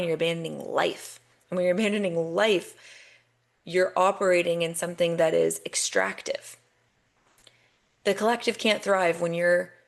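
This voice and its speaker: Her voice sits on the low side and sounds gravelly as this young woman hosts her podcast. The monologue is emphatic and motivational, full of swearing and punchy repetition.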